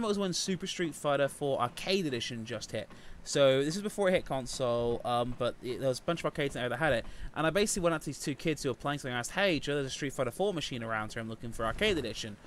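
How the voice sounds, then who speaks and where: A man's voice: medium pitch, a bit bright. A young British man from the UK, chatting casually on a stream and telling stories with frequent laughter. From United Kingdom. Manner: chatty storyteller, laughs often. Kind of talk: casual chat. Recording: noisy home stream audio.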